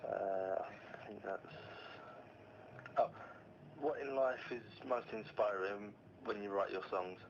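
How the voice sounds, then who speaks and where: A man hosts a casual radio interview, stumbling gently through his questions with plenty of "uh"s. His voice is somewhat low. The recording is dull and lo-fi, with a faint hiss. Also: slow pace. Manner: hesitant, many uh fillers. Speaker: radio show host. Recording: dull lo-fi sound with faint noise.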